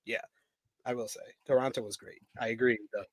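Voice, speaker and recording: A man's voice: medium pitch, fairly even intonation, brisk, dry recording. A man co-hosting a wrestling review show in casual chat, reading out viewer comments and donations and laughing often.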